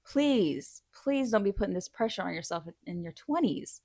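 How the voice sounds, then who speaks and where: A woman's voice: mid-range voice, lively intonation, normal speed, warm tone, no echo, studio quality. A woman in her thirties giving blunt, frank life advice in a casual chat, answering viewer questions.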